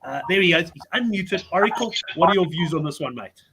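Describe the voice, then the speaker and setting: Quick, high-voiced chatty host. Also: male voice, lively intonation, background noise. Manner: jokey, chatty. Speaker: show host. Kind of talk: casual panel chat. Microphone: video call.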